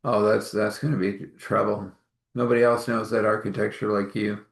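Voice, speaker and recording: A man plays a calm lawyer friend with a low, steady voice. He sounds easygoing and reassuring. The room around him is noticeably echoey. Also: normal speed, vocal fry. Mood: concerned.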